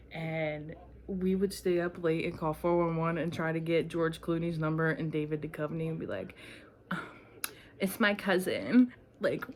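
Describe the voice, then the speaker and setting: A young woman talks straight to camera in a loose, rambling storytelling vlog. She swears freely and jumps between memories with a lot of fillers, in an unhurried, chatty flow. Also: sits low. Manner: rambling, profane, animated storytelling. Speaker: vlogger.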